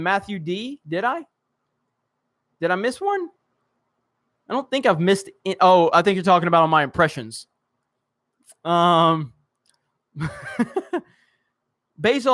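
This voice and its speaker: A young man with a Southern US drawl hosts a casual live stream and reads viewer comments aloud. His voice sits high and sounds bright and forceful. He hurries through the text, trips over words and laughs at his own slips. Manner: joking, self-mocking, rushes through reading with restarts.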